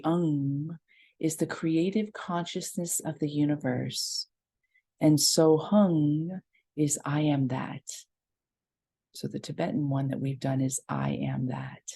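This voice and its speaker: A woman leading a guided meditation, explaining a mantra gently before chanting it slowly. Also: sits low, animated, vocal fry, slightly rough. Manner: slow, gentle teaching with sustained chanting. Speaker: meditation leader.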